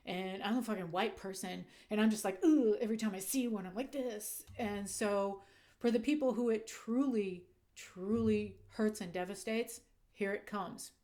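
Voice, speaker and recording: Woman vlogger, mid pitch, frank casual commentary, punchy and a bit profane. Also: fairly even intonation, moderate pace, a little mellow. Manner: candid, emphatic, swears when heated. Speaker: channel host. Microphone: desk microphone.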